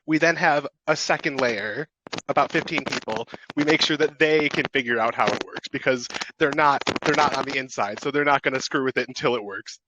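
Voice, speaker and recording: A man who coordinates a blockchain, explaining his team's process in relaxed casual podcast chat. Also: medium pitch, brisk, lo-fi sound, noisy background. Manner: explanatory, relaxed, says right a lot.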